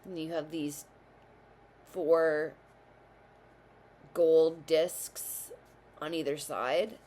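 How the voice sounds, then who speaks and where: Woman, tarot reader, has the hiccups, very slow, hesitant and self-correcting. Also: sits low, steady tone, warm tone. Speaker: tarot reader and channel host. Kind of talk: casual tarot reading to camera.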